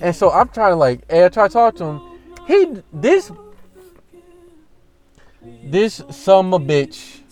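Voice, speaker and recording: A man's voice: high-pitched, slow pace, long pauses, soft background music. A young man telling a story about his job as a casual, profane rant, acting out the people he quotes. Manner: profane, animated, restarts and acts out quoted lines.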